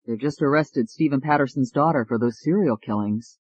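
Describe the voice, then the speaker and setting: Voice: mid-range voice, fairly quick, a little mellow, no room sound, lo-fi sound, natural voice. A narrator voicing an earnest young male lawyer who speaks in a subdued way.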